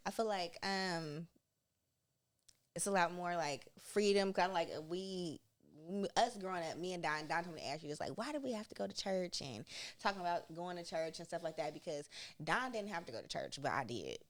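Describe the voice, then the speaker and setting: Young woman, podcast host, casual chat, animated storytelling, frequent laughter, lowish voice. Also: normal speed.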